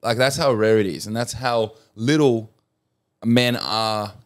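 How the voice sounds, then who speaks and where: A man's voice: on the low side, unhurried. A young man co-hosting a podcast, explaining gym exercises casually, often restarting sentences and adding jokes. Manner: relaxed explaining, trails off and restarts, joking asides. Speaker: podcast co-host.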